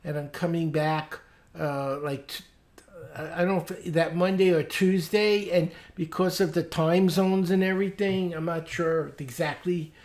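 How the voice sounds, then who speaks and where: A woman's voice: on the low side, fairly even intonation, unhurried, a little mellow. A woman leading a small club's business meeting over a video call, talking informally and hesitantly as she checks her calendar aloud. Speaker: club meeting leader.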